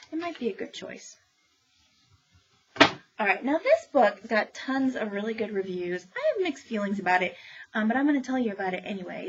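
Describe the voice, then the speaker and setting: A woman's voice: medium pitch, lo-fi sound. A woman librarian chatting through book reviews with lots of ums and opinionated asides. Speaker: librarian reviewing new children's books. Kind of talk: casual book review talk.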